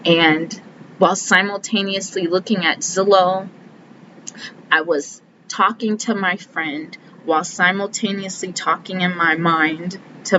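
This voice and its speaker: A woman's voice: lowish voice, a bit bright, a little hiss or hum. Woman chatting thru a book review, earnest, kinda muffled lo-fi audio. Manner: earnest, self-talking, slows to list key terms. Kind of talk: casual book review vlog.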